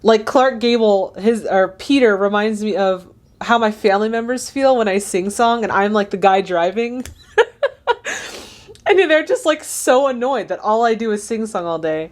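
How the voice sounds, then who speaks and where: A woman's voice: medium pitch, normal speed. A young woman hosting a casual movie reaction, chatty and gushing, often laughing.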